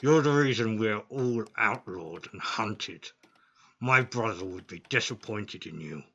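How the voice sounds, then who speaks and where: A man voicing a huge, bitter male minotaur who shouts accusations. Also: lowish voice, animated, measured pace, breathy edge, muffled recording, full character voice. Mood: accusing.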